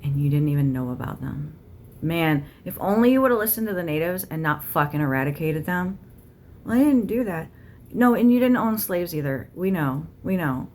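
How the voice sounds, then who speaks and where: A woman's voice: on the low side, animated, moderate pace, darkish tone, slight background noise. A woman tarot reader channeling a spirit guide, ranting bluntly with heavy swearing and arguing back and forth with herself. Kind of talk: channeled spiritual rant to camera.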